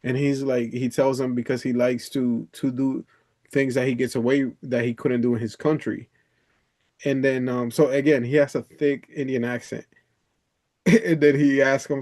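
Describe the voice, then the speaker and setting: A man's voice: mid-range voice, level tone, moderate pace, a little mellow. A man from the Dominican Republic chatting on a video call, a loose storyteller who laughs often, swears, and calls the other person "bro". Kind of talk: casual chat on a coaching call.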